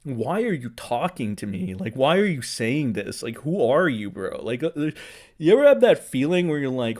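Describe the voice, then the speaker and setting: A man's voice: mid-range voice, big pitch swings, normal speed, darkish tone. A young man giving a profane, sarcastic rant, reacting to social media posts as a commentary streamer. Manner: profane, sarcastic, mocking voices of others.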